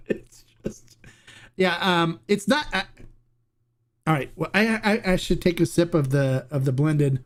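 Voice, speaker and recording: Excitable man hosting a tequila livestream. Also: on the high side, unhurried. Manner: excitable, laughs often, restarts sentences. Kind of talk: casual livestream chat.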